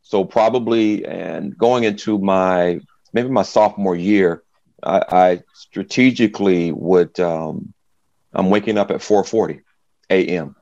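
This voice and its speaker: Speaking a little slowly with vocal fry, this low-pitched middle-aged man was once a football player. In an interview with dull audio and no room sound, he narrates his story animatedly, imitating the people in it.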